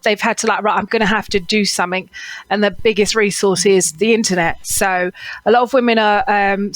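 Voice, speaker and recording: A woman's voice: on the high side, a bit bright, dry recording. A woman vocal coach as an interview guest, talking earnestly and giving advice, with frequent "Mm-hmm"s. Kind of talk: interview conversation.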